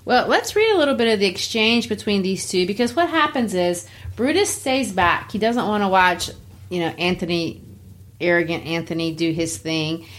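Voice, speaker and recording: A woman's voice: mid-range voice, animated, normal speed, a bit bright. A woman teaching a literature lesson in a casual way, explaining scenes and paraphrasing lines in plain words.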